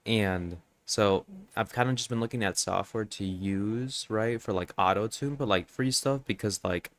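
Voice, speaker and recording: A man's voice: fairly low pitch, normal speed, a bit bright, dry recording. A congested man streaming a game, chatting casually and rambling with lots of fillers as he checks in with viewers over a filtered desk microphone. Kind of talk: casual live-stream chat. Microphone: desk microphone with noise filter.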